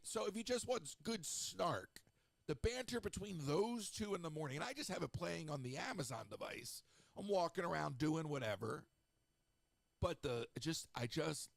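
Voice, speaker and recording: A middle-aged man hosting a radio show, chatting in a snarky, rambling way with lively asides. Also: on the high side, vocal fry, no room sound. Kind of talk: casual solo radio talk.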